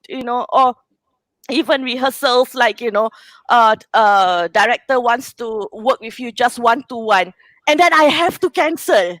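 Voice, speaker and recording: A woman's voice: high-pitched, normal speed, fairly bright tone, no echo, poor audio. A woman with a Singaporean English accent, a guest in a casual chat, speaking in an emotional, heartfelt way with many "you know" fillers.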